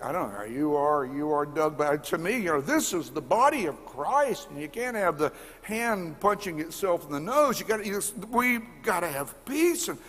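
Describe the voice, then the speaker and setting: Middle-aged guy preaching, husky voice, big echo tail from the church, builds up loud then goes quiet. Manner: storytelling, repeats words for emphasis; rises to emphatic peaks, then drops low. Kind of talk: sermon. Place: church sanctuary. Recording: long church reverb.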